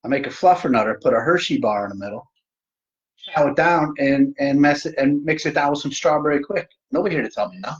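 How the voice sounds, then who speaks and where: With a voice on the high side, this middle-aged host talks fast and animatedly through a casual stream from his home. He jokes about himself and addresses viewers head-on, and the sound is lo-fi.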